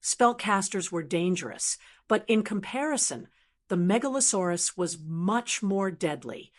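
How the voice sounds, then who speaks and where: A woman narrating a fantasy novel audiobook at a mid pitch. Her reading is steady and even, with the measured pacing of scripted narration.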